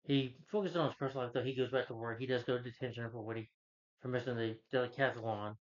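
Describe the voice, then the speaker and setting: Talking fast in a steady tone, a man walks through a film's story in a loose, meandering recap, often correcting himself on names. He acts out scenes with "he's like" quotes, his mid-pitched voice captured on a dull, somewhat lo-fi recording.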